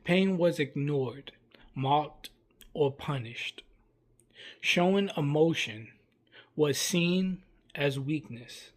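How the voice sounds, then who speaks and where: A man hosting a vlog, giving earnest, measured commentary in short plain phrases. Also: on the high side. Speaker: commentary vlogger. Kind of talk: reflective commentary.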